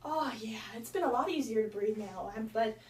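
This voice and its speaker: A woman's voice: a little high, expressive, moderate pace, darkish tone, lightly acted. A teenage girl playing a dramatic, complaining pregnant woman in a school skit. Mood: chatty. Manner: melodramatic, shrieking in labor. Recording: roomy far-off camera audio with noise.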